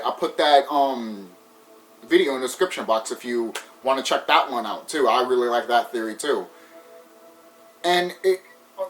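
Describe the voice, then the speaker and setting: A man's voice: fairly high pitch, low-quality recording. A man wrapping up a gaming video, rambling casually with hesitations, fillers and restarts. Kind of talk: casual video outro talk.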